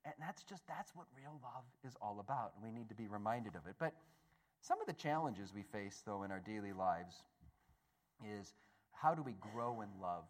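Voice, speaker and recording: A man giving a storytelling talk to an audience, animated and acting out voices, often stammering and restarting. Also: fairly low pitch, moderate pace. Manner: animated, acts out the voices in his stories. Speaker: speaker at a Catholic gathering.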